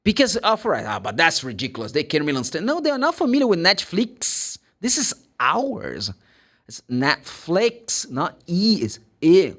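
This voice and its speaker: A man from Brazil with a Brazilian Portuguese accent, teaching English pronunciation in a casual, animated way, acting out little dialogues and spelling words letter by letter. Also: on the high side, normal speed.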